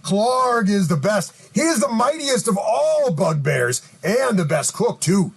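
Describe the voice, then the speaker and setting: Man as a slow, pompous hobgoblin trader. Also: sits high, sing-song, vocal fry, breathy edge, heavily acted. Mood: boastful. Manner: slow, deliberate, pompous salesman.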